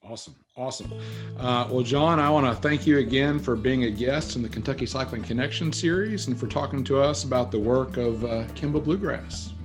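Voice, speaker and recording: A man's voice: medium pitch, a little fast, over music. A man hosting a casual video-call interview, giving brief, encouraging affirmations. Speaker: interview host.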